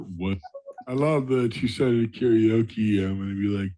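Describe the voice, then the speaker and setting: A man's voice: fairly low pitch, unhurried, mellow. A man co-hosting a podcast, rambling through absurd jokes in comedic banter. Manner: rambling, absurd non sequiturs. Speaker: podcast co-host.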